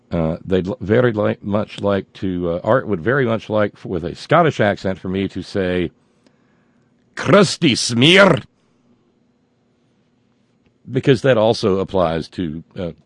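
A man's voice: low voice, a little mellow, no echo. A man hosting a political talk show, ranting sarcastically with many stumbling restarts.

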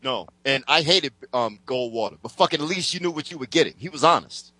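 A man's voice: fairly high pitch, animated, brisk, pushed and bright, dry recording. Man ranting with heavy profanity. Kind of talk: casual political chat.

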